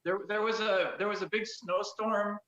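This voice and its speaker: A man joining a casual chat remotely, speaking hesitantly with halting restarts. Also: high-pitched, steady tone, bright, forceful tone. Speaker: guest joining late. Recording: dull echoey remote audio.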